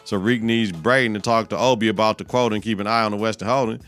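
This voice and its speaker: A man's voice: lowish voice, quick pace, soft background music. A man hosting a podcast, recapping a TV episode in a loose, profane way and acting out the characters' lines. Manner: profane, animated, acts out quotes in voices. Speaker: podcast host.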